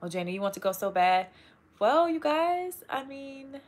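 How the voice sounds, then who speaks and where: A young woman hosting a casual live stream, chatting warmly with viewers, greeting them by name and saying "y'all", a little tired from long work weeks. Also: sits high, very animated, moderate pace.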